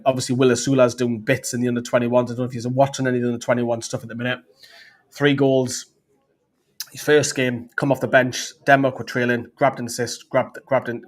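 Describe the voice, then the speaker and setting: A man's voice: mid-range voice, little pitch movement, brisk. Chatty man hosting a fan stream. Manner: chatty, rambling, with frequent fillers and restarts. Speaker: fan channel host. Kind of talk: live-stream football chat, reading viewer comments.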